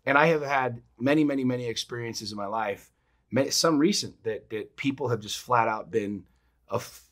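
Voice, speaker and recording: A man co-hosting a podcast, giving casual motivational talk in an emphatic way, swearing freely and acting out quotes with sudden loud jumps. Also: medium pitch, normal speed. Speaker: podcast co-host.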